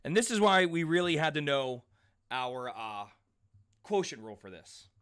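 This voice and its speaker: A man in his forties runs a math lesson in a bright, forceful voice that sits a little high for a man. He talks in a chatty, animated way, calls on students by name, and breaks off into side stories. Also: normal speed, clear, resonant tone. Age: 40s. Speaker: math teacher. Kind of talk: live class lecture with side stories.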